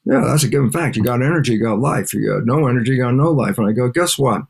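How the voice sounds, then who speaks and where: Older male lecturer, animated, plays out dialogues mid-answer. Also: mid-range voice, fast talker, vocal fry, slightly rough. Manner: animated, acts out back-and-forth dialogues. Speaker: guest scientist and lecturer. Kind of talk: interview conversation.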